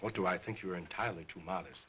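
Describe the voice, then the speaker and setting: An actor playing a pompous, egocentric stage ventriloquist in early sound film acting, formal and scolding. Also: male voice, deep voice, fast, a bit bright, lo-fi sound, slight background noise. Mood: straight man. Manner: grandiose, stiffly formal, scolding.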